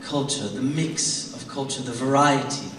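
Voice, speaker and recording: A man's voice: medium pitch, normal speed. A young man from Brazil emceeing a live stage show, playful and chatty with the audience. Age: young adult. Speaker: stage presenter. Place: performance hall with a live audience. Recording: roomy hall, distant mic, background noise.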